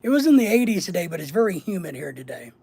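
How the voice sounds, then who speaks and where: A man's voice: sits high, very animated, quick pace, vocal fry, warm tone, slightly rough. A middle-aged man hosting a casual livestream, rambling and joking as he reads and answers the chat. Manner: rambling, jokey, repeats words and lists. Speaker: livestream host reading chat.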